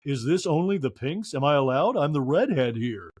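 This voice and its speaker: A man voicing a wry, playful woman in a deadpan, unhurried way. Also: on the high side, breathy edge, no echo, clean studio sound.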